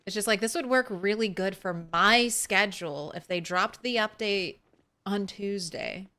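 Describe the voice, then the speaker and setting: Bubbly and giggly, this young adult woman greets viewers while casually chatting on a live game stream. She speaks at a measured pace in a mid-range voice that sounds pushed and bright.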